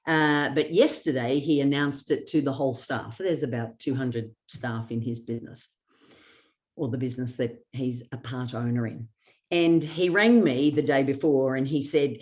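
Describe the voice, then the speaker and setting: A woman with a notably low voice leads a motivational workshop. She tells personal anecdotes, slips into the voices of the people she quotes and laughs easily. She sounds middle-aged. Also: a little mellow. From Australia. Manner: storytelling with acted quotes and sarcasm; laughs often. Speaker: workshop presenter.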